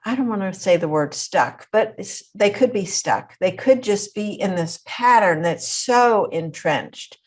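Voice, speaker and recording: A woman's voice: medium pitch, expressive, measured pace, few pauses. A woman hosting a podcast interview, thinking aloud in a reflective, conversational way. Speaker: podcast host.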